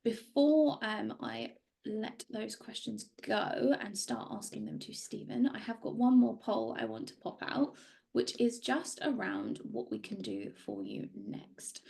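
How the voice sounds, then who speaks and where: A woman's voice: medium pitch, wildly swooping pitch, unhurried, gravelly, a little mellow. A woman hosting a webinar over a video call, friendly and organised as she reads out audience questions. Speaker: webinar host. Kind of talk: webinar presentation and Q&A.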